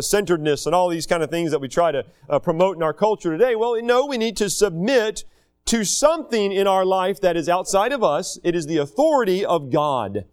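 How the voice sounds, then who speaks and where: A man preaching a sermon, teaching through a Bible passage in an unhurried way and stretching out key phrases for emphasis. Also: sits high.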